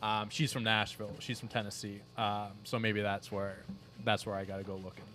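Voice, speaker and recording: Animated Boston man chatting on a podcast. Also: on the low side, fairly quick, slight background noise. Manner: animated, jokey, rambling. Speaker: podcast co-host. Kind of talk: casual chat.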